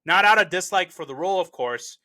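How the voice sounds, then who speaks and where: A man hosting a casual movie review, chatty and relaxed, often pausing on "uh" as he talks through scenes and quotes. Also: high-pitched. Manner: relaxed, chatty, frequent "uh" fillers.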